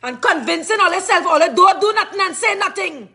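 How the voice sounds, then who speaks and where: High, furious Trinidadian woman ranting. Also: lively intonation, brisk, pushed and bright. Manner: furious, cursing, repetitive questioning. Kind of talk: angry rant to camera.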